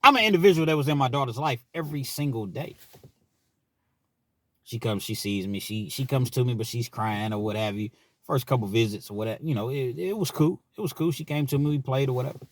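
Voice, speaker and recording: A man's voice: mid-range voice, fairly quick, a bit bright, dry recording. A man in his forties telling an earnest, rambling personal story with frequent restarts. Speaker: vlogger.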